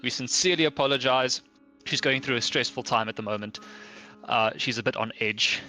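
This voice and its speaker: Bright-voiced, stammering man playing a character. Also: medium pitch, fairly quick, faint music behind. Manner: hesitant, stammering with polite formal phrasing. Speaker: player. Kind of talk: casual in-character play.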